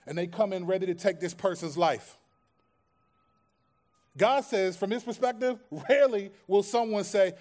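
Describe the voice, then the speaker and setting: A man's voice: high-pitched, moderate pace, darkish tone. A man preaching a sermon as pastor, in a conversational way that acts out everyday scenes and quoted voices.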